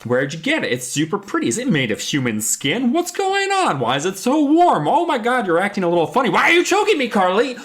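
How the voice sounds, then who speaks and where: A man's voice: a little high, wildly swooping pitch, a little fast, few pauses, fairly bright tone, voice pushed up. A man putting on the voice of a chatty teenage girl who rattles off question after question. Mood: chattering alarmed.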